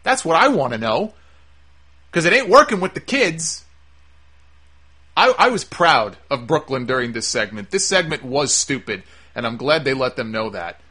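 Brief: man with a bright, somewhat high voice, casual reviewer monologue, sarcastic and blunt, cusses freely. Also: breathy edge. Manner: opinionated, sarcastic, swears freely. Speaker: wrestling show reviewer.

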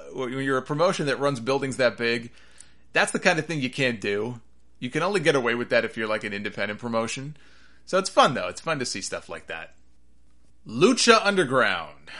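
A man's voice: mid-range voice, bright, forceful tone. A man hosting a wrestling podcast, rambling and sarcastic in casual commentary.

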